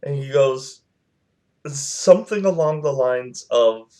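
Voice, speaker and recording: A man in a mid-range voice tells a personal anecdote to his audience at an unhurried pace. He rambles, stops to search for words, and quotes what everyone said along the way. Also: medium pitch, animated, darkish tone. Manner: rambling, with many fillers and quoted dialogue. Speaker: channel host telling a personal story. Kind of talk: casual storytelling vlog.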